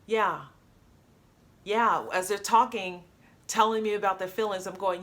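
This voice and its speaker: A woman coach talking to camera, upbeat and animated, acting out example phrases as she explains. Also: medium pitch, unhurried.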